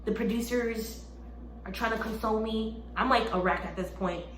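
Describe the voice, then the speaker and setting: A young woman telling a storytime testimony in an animated way, repeating phrases and rising into exclamations. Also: on the high side, normal speed. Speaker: vlogger. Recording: echoey room, faint background hum.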